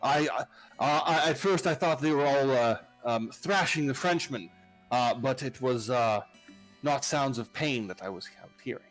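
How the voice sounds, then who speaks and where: A man's voice: mid-range voice, soft background music, close to an everyday voice, low-quality recording. A man playing a bumbling archduke who rambles with constant ums and restarts in an improvised tall tale. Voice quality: halting, full of ums and restarts.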